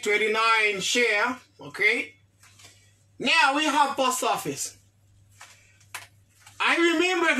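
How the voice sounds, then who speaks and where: A woman's voice: a little high, bright, forceful tone. A woman teaching an English lesson, repeating words often and checking that the class understands.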